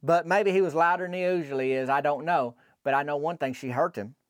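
A man's voice: fairly high pitch, brisk, no echo, studio quality. A man telling a folksy comic story in a rambling, colloquial way, full of asides. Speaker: podcast storyteller.

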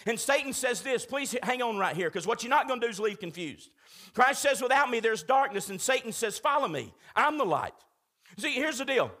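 A man's voice: extremely high pitch, expressive, brisk, pushed and bright. A man preaching an emphatic sermon in a church, urgently repeating his points and calling out to the congregation. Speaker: pastor.

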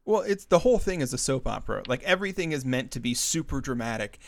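A man's voice: medium pitch, very animated, fast talker, vocal fry. A man chatting casually on a podcast, retelling a story with frequent laughs and acting out the characters' lines in a raised voice. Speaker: podcast co-host. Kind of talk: casual chat recapping a comic story.

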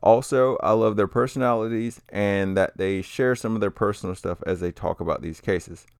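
Low gravelly-voiced man co-hosting. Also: moderate pace, no room sound, clean studio sound. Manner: laid-back, swears casually, trails off and restarts. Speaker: podcast co-host. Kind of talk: casual podcast chat.

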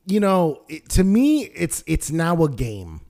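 A man's voice: on the high side, huge pitch swings, takes it slowly, creaky, mellow. A young man co-hosting a podcast in casual chat, laughing often and swearing, with frequent restarts. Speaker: podcast co-host.

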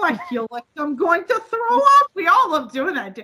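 A woman from the northern US, chatting casually as a podcast co-host, loud, laughing often and swearing freely. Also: very high voice, sing-song, moderate pace. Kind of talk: casual chat.

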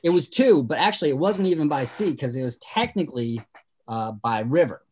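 A man's voice: a little high, expressive, fairly quick, darkish tone, slightly rough. A man from Massachusetts with a light Boston accent, chatting casually and explaining things with lots of fillers. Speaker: former tour guide. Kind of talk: casual chat.

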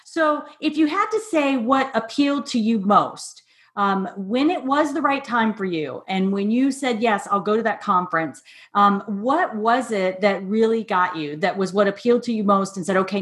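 A woman's voice: medium pitch, normal speed, a bit bright. A woman hosting an interview, affirming the guest and asking long open questions. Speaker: interview host. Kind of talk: casual interview.

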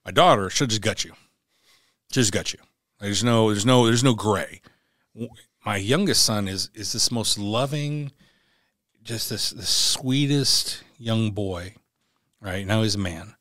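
A man in his forties, a veteran guest on a podcast, telling his own story candidly in a halting way and stumbling over repeated words. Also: on the low side, fairly bright tone, no echo, clean studio sound.

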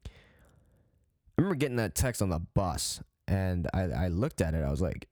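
A man's voice: low-pitched, big pitch swings, moderate pace, a little mellow, no room sound, clean studio sound. A young man in his late teens from Canada, hosting a podcast and telling a story in a casual, rambling way, with frequent swearing, restarts and fillers. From Calgary, Canada. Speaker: podcast host.

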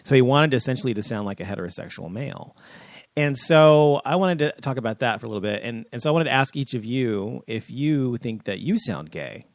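A gay man leads a casual round-table talk, voice sitting at a middling pitch and recorded dry and close. He rambles and fills pauses with ums while steering the questions to his co-hosts. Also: animated, no echo. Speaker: podcast host. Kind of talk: casual group discussion.

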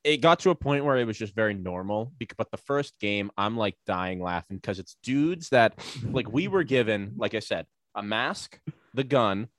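A man's voice: on the low side, lively intonation, moderate pace, no echo. A man on a casual podcast, telling a long rambling story full of fillers, profanity and sarcastic asides.

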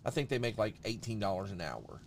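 A man's voice: fairly low pitch, very animated, fairly quick, gravelly, a little hiss or hum. A young man chatting casually on a podcast, swearing freely and saying "bro" often. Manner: swears a lot, says "bro" and "you know what I'm saying". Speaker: podcast host. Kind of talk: casual chat.

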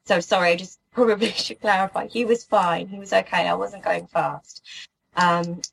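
A young woman from the UK telling a personal story in an earnest, halting way, with many restarts. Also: medium pitch, fairly even intonation, creaky, breathy edge, poor audio. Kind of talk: emotional personal account.

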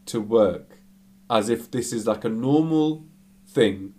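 A man casually telling a story, animated and full of fillers. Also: medium pitch, takes it slowly.

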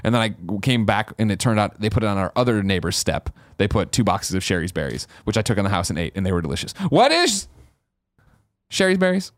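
Man, podcast co-host, casual chat, animated delivery, dry sound. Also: low voice, fast, few pauses, no echo.

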